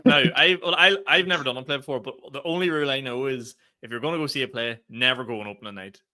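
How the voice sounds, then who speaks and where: A man co-hosting a podcast in casual chat, upbeat and quick to laugh. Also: mid-range voice, sharp tone. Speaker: podcast co-host.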